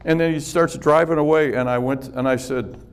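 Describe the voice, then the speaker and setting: At a business event venue, a man with a smooth, fairly high voice gives a motivational talk to a business group, speaking at a normal pace with fairly even intonation. He tells personal stories conversationally and often chuckles.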